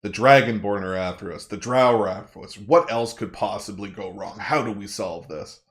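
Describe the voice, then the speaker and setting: A man's voice: on the low side, level tone, normal speed, natural voice. A man voicing Finnick, a frustrated male adventurer in a tabletop game, in a weary, plain-spoken way.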